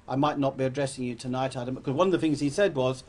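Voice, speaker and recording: Speaking publicly at a racing pace, an older man from England delivers a meandering talk full of anecdotes, often stopping to correct himself. His voice is medium-pitched with a darkish tone.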